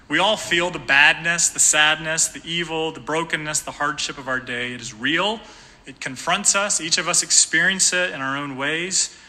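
A man's voice: fairly high pitch, sharp tone. A man preaching a sermon as pastor, earnest and emphatic, building to passionate peaks. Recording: long church hall reverb.

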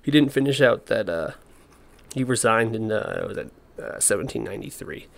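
A man's voice: fairly low pitch, animated, normal speed, creaky. A young man casually explaining history, with slangy, joking asides. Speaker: history presenter.

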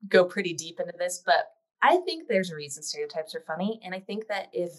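A woman co-hosting an interview, frank and chatty, talking in quick bursts. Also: on the low side, expressive. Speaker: co-host. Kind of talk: casual interview chat.

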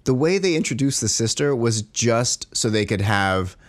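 A man co-hosting a podcast, talking in an animated, exasperated way and filling his speech with "like". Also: medium pitch, normal speed. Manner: animated, exasperated critique with frequent "like". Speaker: podcast co-host. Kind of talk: casual chat.

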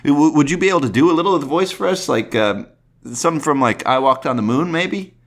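A man's voice: on the high side, fast talker. A man in his thirties hosting a podcast, chatting casually in a rambling, self-deprecating way. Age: 30s. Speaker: podcast host. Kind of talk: casual chat.

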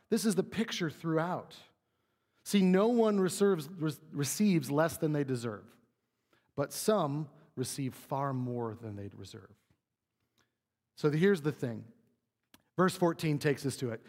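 This pastor's voice is a little high with a darkish tone, trailing off in long reverb. He preaches conversationally, frequently checking in with the congregation by asking "right?"

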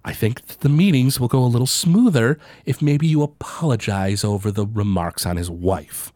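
A man voicing a weary noble trying to keep the peace in a tabletop game. He speaks quietly and deliberately, with a close, dry sound. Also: medium pitch, dry recording, close to an everyday voice. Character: weary male noble, calm and diplomatic.

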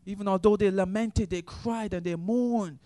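Impassioned high-voiced preacher. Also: male voice, moderate pace, no room sound. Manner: impassioned preaching, swinging from shouts to hushed tones. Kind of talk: sermon.

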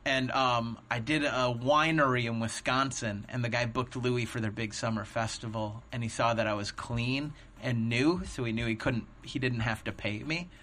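A man's voice: mid-range voice, moderate pace, few pauses, a little hiss or hum. A man, a touring stand-up comic, telling a long story in a casual podcast chat and acting out the people in it. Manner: animated storyteller, acts out quotes. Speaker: stand-up comedian guest.

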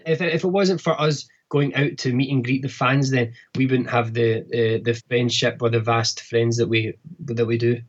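A Scottish man from a bagpipe band, answering interview questions in a halting way with many restarts. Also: medium pitch, steady tone, breathy edge. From Scotland. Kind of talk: casual interview. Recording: muffled lo-fi line.

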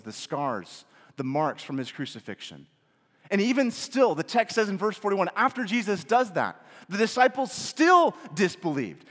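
Male pastor preaching, slightly high voice, swings between emphatic questions and hushed phrases, long reverb. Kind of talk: sermon.

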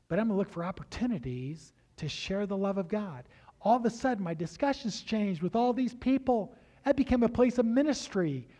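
A middle-aged man delivers a sermon in a noticeably high voice. He tells stories with lively energy and acts out the dialogue as he goes. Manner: animated storytelling, acts out dialogue. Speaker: preacher.

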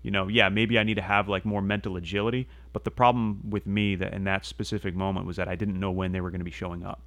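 Laid-back low-voiced man, dry sound. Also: little pitch movement, fast, fairly bright tone, dry recording. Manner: laid-back, swears, says "dude" a lot. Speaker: podcast co-host. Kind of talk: casual chat.

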